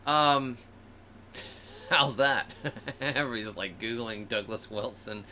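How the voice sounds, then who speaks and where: A man's voice: mid-range voice, slow, long pauses, a little hiss or hum. A man hosting a show, telling stories casually and animatedly, acting out the animals and people in them. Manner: animated, acts out animals and people in funny voices. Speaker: host. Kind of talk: casual storytelling.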